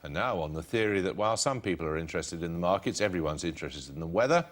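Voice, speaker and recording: A man reading a sardonic, deadpan weather report as a news presenter. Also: sits low, fast talker. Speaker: newsreader in a played clip.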